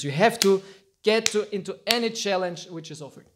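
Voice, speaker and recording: A man giving an informal storytelling talk as a teacher, animated and acting out quotes with frequent laughs. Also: high voice, fast talker.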